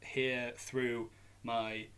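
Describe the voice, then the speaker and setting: Speaking extremely slowly, this quiz host has a mid-range voice with little pitch movement, clear, resonant, and a bit bright. The young Yorkshire-accented man runs a live online pub quiz indoors at home on a hot day, reading questions and options and chatting jokily and easygoing.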